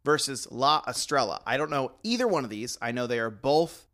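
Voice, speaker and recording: Male co-host, bright tone, rambling chat with high bursts of laughter. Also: lively intonation, a little fast. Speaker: podcast co-host. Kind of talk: casual chat.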